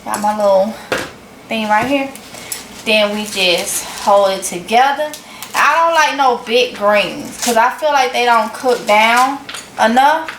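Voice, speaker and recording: Southern woman vlogger with a Mississippi accent, higher voice, unhurried folksy chat, echoey room. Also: background noise. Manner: chatty, folksy, addresses viewers as y'all. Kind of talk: casual cooking vlog.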